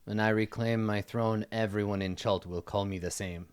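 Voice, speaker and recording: A man's voice: fairly low pitch, fairly even intonation, moderate pace, clean tone, dry recording, clean studio sound, pitched below the performer's own voice, natural voice. A man voicing a haughty young exiled princess, cold and commanding. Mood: imperious.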